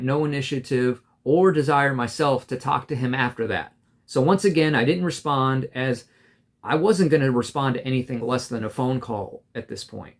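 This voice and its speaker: A man vlogging straight to camera, recounting a falling-out with a steady, mid-pitched voice. He sounds aggrieved and rambles, stumbling over restarts and fillers as he lays out his grievances. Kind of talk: casual storytelling to camera.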